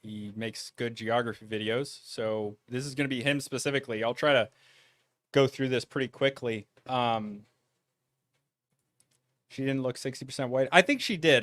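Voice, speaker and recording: A man's voice: medium pitch, a bit bright, no echo. A man giving casual reaction commentary on videos, thoughtful and conversational. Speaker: YouTube commentator.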